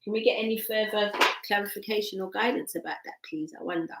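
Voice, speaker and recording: A woman's voice: mid-range voice, fast talker, roomy sound, heavy background noise. Chatty woman reading tarot. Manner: chatty, repeats phrases, talks to herself. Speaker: tarot reader. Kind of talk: casual tarot reading to camera.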